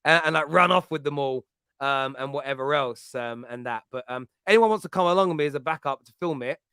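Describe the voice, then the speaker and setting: A man's voice: mid-range voice, fairly quick, sharp tone, smooth, no room sound, clean studio sound. A man, hosting a casual football chat and telling rambling, jokey stories. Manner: chatty, rambling, jokey storytelling. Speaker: podcast host.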